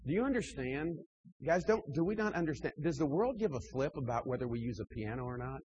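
A man preaching to church leaders, emphatic, swinging between loud pushes and quieter asides, with frequent restarts. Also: medium pitch, expressive, quick pace, slightly rough, muffled recording. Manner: emphatic, rising and dropping in volume, frequent restarts.

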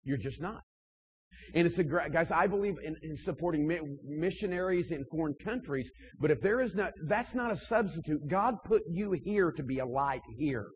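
A man delivers a sermon to church leaders in an emphatic, stop-and-start way, pushing hard on key points and then dropping low. His voice sits a little high and has a husky edge. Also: expressive, normal speed, low-quality recording. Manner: emphatic, rising and dropping in volume, frequent restarts. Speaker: preacher.

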